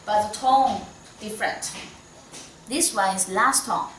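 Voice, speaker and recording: A woman's voice: medium pitch, unhurried, a bit bright, distant mic, slight background noise. A woman from China with a Chinese accent, patiently teaching a Mandarin lesson in English and modelling the tones. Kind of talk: online language lesson. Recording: echoey room, voice slightly off-mic.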